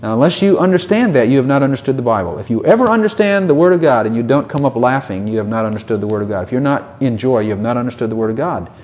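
A man's voice: medium pitch, expressive, quick pace, hardly any pauses, a little mellow. A man preaching a sermon in a conversational way, with many rhetorical questions and short mocking voices.

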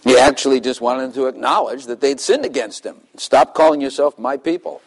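A man's voice: medium pitch, fairly quick, rough recording. An older man preaching a sermon in a loose, conversational way, asking the congregation questions and chuckling between points. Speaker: pastor.

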